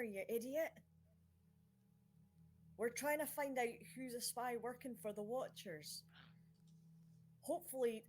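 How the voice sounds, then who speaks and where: A woman's voice: medium pitch, natural voice. A woman playing an exasperated undercover agent. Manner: firm, scolding.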